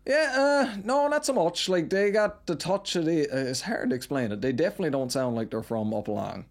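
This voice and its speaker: A man with a Newfoundland accent, chatting casually as a podcast guest in a quick, rambling way, often tagging "right?" onto his sentences. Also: a little high, big pitch swings. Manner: rapid, rambling storyteller with frequent "right?" tags. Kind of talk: casual chat.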